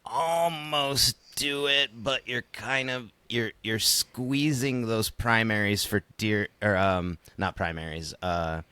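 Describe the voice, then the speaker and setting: A man with a deep, low-pitched voice chats casually on a gaming podcast. His humor runs dry and sarcastic, and the recording is close and dead, with no room sound. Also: steady tone, slow pace, hardly any pauses, bright, forceful tone, clean tone, dry recording. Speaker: podcast co-host. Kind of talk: casual chat.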